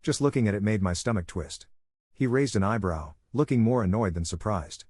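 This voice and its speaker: Casting: low, husky male storyteller, measured read, dry close sound. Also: darkish tone, dry recording. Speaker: narrator. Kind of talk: scripted first-person story narration.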